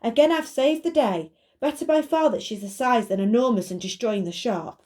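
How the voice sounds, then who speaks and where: A woman voicing a fussy, defensive magic lamp in a children's story, in a huffy high voice. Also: lively intonation, moderate pace, a little mellow, lightly acted. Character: fussy, touchy magic lamp, prone to excuses.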